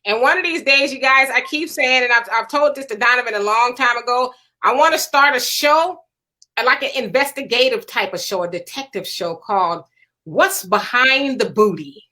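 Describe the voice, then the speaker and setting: A woman hosting a casual panel chat show, animated and reading viewer comments aloud. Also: on the high side, normal speed. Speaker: show host.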